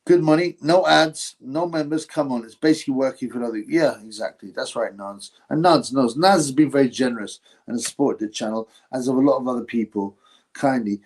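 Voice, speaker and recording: A man's voice: mid-range voice, fairly quick, a little mellow. A man hosting a casual livestream, rambling bluntly and swearing while answering viewers. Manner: rambling, blunt, profane, calls viewers bro. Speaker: host. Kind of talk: casual livestream chat, reading viewer comments.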